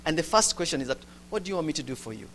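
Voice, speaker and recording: High-voiced preacher, dynamic. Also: male voice, big pitch swings, racing. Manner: dynamic, swings from loud urgency to hushed quiet. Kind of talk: sermon.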